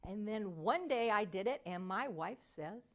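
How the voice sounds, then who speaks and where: An older woman voice coach giving a motivational teaching talk, animated and at times singing phrases to show melody. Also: medium pitch, a little slow.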